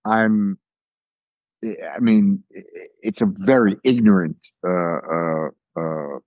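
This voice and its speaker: A man speaking as a guest in a casual panel discussion, halting and exasperated with many restarts. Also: low voice, no room sound, muffled recording.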